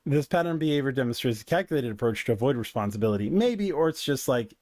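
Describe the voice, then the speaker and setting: A man who coaches businesses, talking through his points in a loose, rambling commentary full of fillers. His voice sits at a mid pitch, and the recording is dry and close with no room sound. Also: lively intonation, fast talker, a little mellow, no room sound. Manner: conversational, digressive, filler-heavy. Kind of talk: casual commentary.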